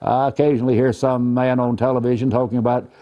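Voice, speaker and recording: A man's voice: medium pitch, level tone, quick pace, warm tone, muffled recording. A man teaching the Bible in an earnest, folksy, plainspoken way, using homely examples. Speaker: preacher.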